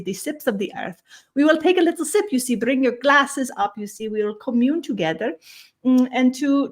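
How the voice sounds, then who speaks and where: A woman voicing an ageless otherworldly star-being, speaking slowly in a sing-song way with broken grammar and a constant "you see". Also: on the high side, pitched above the performer's own voice. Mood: greeting. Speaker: channeled guide. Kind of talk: spiritual channeling session.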